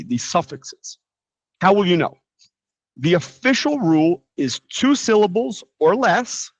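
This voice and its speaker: An American man teaching a live English lesson in a relaxed, chatty way with frequent asides. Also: fairly high pitch, dry recording, low-quality recording. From United States. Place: living in Brazil, teaching from a quiet room.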